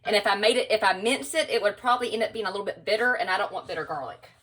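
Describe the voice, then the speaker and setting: A woman's voice: mid-range voice, very fast, fairly bright tone, low-quality recording. A woman with a Southern US accent, chatting casually to viewers while she cooks in her home kitchen. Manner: chatty, folksy, talks to viewers as y'all. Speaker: home cook. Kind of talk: casual cooking vlog narration.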